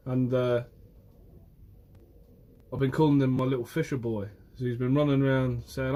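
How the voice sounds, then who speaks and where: A man's voice: medium pitch, fairly even intonation, normal speed, long pauses, warm tone. A young man from Guernsey, a fisherman chatting casually on a phone live stream and answering viewers by name. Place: outdoors by the shore.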